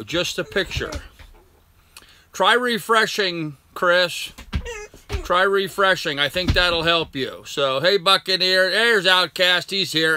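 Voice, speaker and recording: A man's voice: a little high, sharp tone, slight background noise. An older man hosting a casual live stream from home, greeting his viewers one by one by name. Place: at home with a dog nearby. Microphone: laptop.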